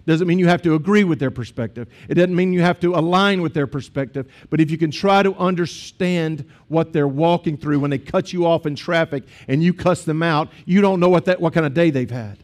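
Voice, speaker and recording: Man, pastor preaching, slightly high voice, chatty storytelling with asides. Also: fairly quick, hardly any pauses. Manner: conversational storytelling, rhetorical asides. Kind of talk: sermon.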